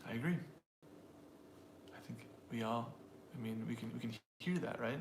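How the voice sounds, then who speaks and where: A man's voice: mid-range voice, moderate pace, background noise. A man co-hosting a casual chat, explaining ideas in a rambling way with many restarts and playful demonstrations. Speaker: co-host, English teacher. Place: room with a piano. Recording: echoey room, faint ambience.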